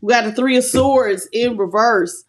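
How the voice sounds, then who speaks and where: A woman's voice: a little high, unhurried, noisy background. A woman hosting a live tarot reading, greeting viewers by name in a playful, affectionate way, calling them baby and boo, laughing often and stretching out her greetings.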